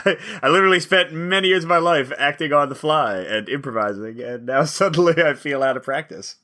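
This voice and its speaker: Brief: male board game podcast co-host, bright, chatty, laughs at himself. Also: a little high, a little fast. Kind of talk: casual chat.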